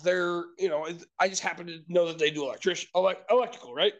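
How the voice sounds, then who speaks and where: A man's voice: sits high, fast, highs cut off. A man in casual podcast chat, telling a long rambling story with restarts and casual swearing.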